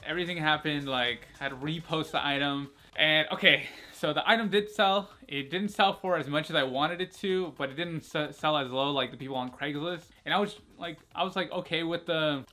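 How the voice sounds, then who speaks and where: Young man, bright tense voice, casual rambling storytelling, filler-heavy, self-mocking. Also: fairly high pitch. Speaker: vlogger.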